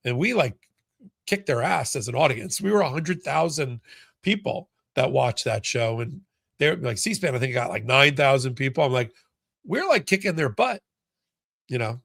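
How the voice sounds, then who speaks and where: Chatting casually on a live stream, a male host reads viewer comments aloud and restarts himself often. His mid-pitched voice is gravelly, fairly bright, and moderately paced, captured close and dry with no echo.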